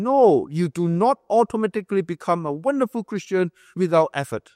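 A man's voice: high voice, expressive, a little fast, few pauses, a little mellow, dry recording, studio quality, long reverb tail. A male pastor preaching a sermon, emphatic, repeating key phrases and quizzing the room like a teacher. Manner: explains like a teacher, asks the room questions.

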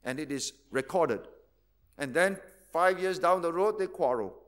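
A man preaches in a high voice. He teaches step by step, asks rhetorical questions and hammers home key words. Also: expressive, measured pace, fairly bright tone. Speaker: pastor. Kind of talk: sermon.

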